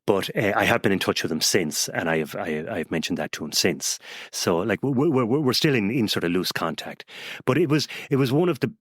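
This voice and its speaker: Halting Irish man, lowish voice. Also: expressive, husky, dry recording, studio quality. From Ireland. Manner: halting, with many repeated words and restarts. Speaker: podcast guest. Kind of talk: conversational storytelling.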